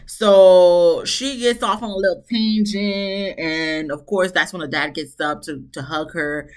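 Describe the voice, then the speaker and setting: A woman's voice: on the low side, a little slow. Chatty woman reviewing a reality show. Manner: chatty, animated retelling with voiced quotes. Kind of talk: casual recap commentary.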